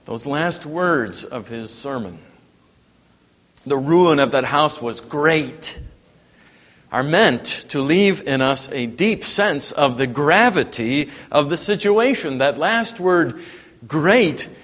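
A man preaching a sermon, dropping to a hush and then rising to emphatic, raised passages. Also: fairly high pitch, animated, takes it slowly. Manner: wide swings from hushed to emphatic preaching. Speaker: pastor. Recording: long reverb in a hall.

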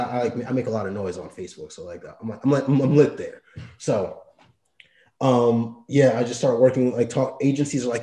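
Slangy young man, echoey room. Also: mid-range voice. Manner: slangy, animated, quotes others in his own voice. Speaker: entrepreneur telling his story. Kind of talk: casual storytelling.

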